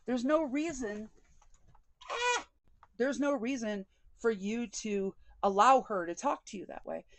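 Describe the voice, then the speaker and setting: A woman's voice: fairly high pitch, expressive, measured pace, dry recording. A woman speaking as a vlogger, telling a personal story candidly and with indignation, and often quoting conversations. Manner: candid and indignant, with frequent quoted dialogue.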